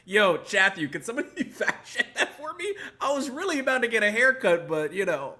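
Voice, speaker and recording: Bright-voiced man doing casual reaction chat. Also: high voice, very animated, brisk. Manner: laid-back, joking asides, reading out viewer greetings. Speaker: podcast host reacting to video.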